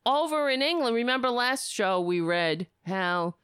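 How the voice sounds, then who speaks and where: A woman's voice: fairly high pitch, lively intonation, unhurried, fairly bright tone, smooth, dry recording, studio quality. A woman hosting a political commentary show, delivering a profane, sarcastic, angry rant.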